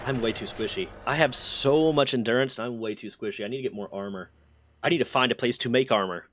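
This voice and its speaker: A man's voice: medium pitch, quick pace, fairly bright tone. A man streaming a game while telling a rambling, profane story in a casual way. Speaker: gaming streamer.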